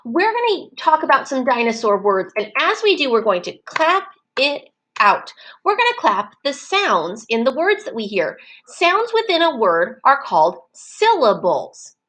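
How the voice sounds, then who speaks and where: A woman teaching preschool children in an online circle time, slow and encouraging, stretching words out so the children can clap the syllables. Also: sits high, sing-song, fairly bright tone, low-quality recording.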